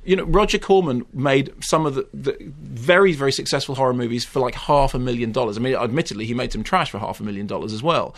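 A man reviewing films on a radio chat show, opinionated and given to exasperated rants that climb in pitch. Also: fast talker, hardly any pauses. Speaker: film critic.

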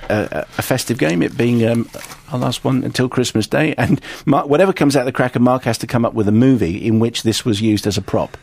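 A man's voice: medium pitch, fairly quick, creaky, few pauses, darkish tone, breathy edge, no room sound. A man hosting a radio show, explaining a festive game in casual banter, stumbling and repeating words.

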